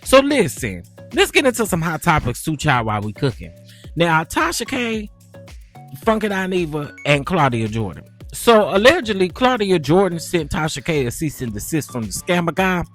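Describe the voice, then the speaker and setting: A man cooking on camera and talking casually, chatty and lively, with a steady stream of "child" and "honey.". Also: on the high side, moderate pace, soft background music. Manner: animated, chatty, keeps saying child and honey. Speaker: cooking vlogger. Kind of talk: casual cooking and gossip chat.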